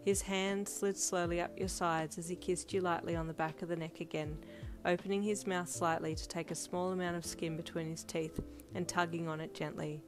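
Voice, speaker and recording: A woman reading second-person romance fan fiction as narrator, with a steady storytelling delivery. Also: fairly low pitch, normal speed. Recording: lofi music playing underneath. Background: lofi beat.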